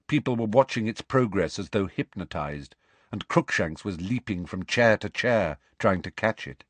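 Low-voiced, expressive male audiobook narrator. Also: normal speed, no room sound. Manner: expressive, varied reading.

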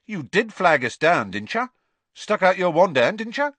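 A man voicing a cheeky, brash young wizard bus conductor with loud, rough working-class speech. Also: high-pitched, big pitch swings, moderate pace, no echo, pitched above the performer's own voice, full character voice. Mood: cocky. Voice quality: broad dropped-letter working-class speech.

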